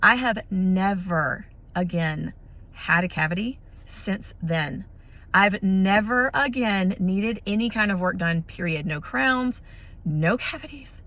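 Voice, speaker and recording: A woman, casually telling a personal faith story to her viewers, chatty and full of restarts. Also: medium pitch. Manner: chatty, animated, many restarts and fillers. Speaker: vlogger sharing a testimony.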